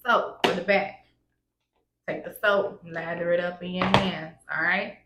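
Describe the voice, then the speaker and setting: A woman's voice: fairly low pitch, steady tone, a little slow, noisy background. A woman vlogger giving hygiene tips in a casual, blunt, insistent way, often checking in with "all right?". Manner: emphatic, repeats "all right?" and "wash, wash". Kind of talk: casual instructional vlog. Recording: echoey room, faint ambience.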